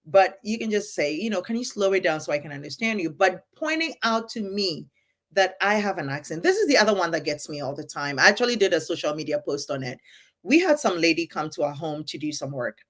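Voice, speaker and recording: A woman who moved to the United States, talking fast and with emphasis in a candid conversation, acting out what people say to her. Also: on the low side, lively intonation. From immigrant to the United States. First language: English. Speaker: podcast co-host.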